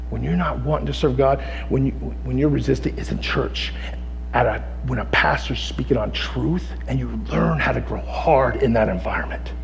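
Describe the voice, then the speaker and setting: A middle-aged male pastor preaching a sermon, swinging from hushed, intense passages to loud, shouted exhortation. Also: mid-range voice, gravelly, long reverb tail, dull audio, a little hiss or hum.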